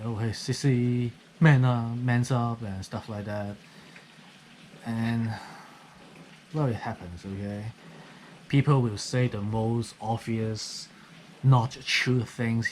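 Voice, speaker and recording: A man's voice: on the low side, a little mellow, slight background noise. Rambling man, rain outside. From Hong Kong. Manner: rambling, keeps tagging "okay?". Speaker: vlogger. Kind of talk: casual monologue. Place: guest house on a rainy night.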